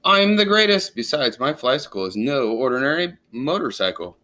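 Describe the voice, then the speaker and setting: A man's voice: a little high, big pitch swings, normal speed, sharp tone, voice pushed up. Fish, a cocky daredevil fish from a picture book, as a man reads her lines. She brags in a lifted, eager voice. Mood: boastful. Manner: cocky and bragging. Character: Fish, a boastful daredevil female fish.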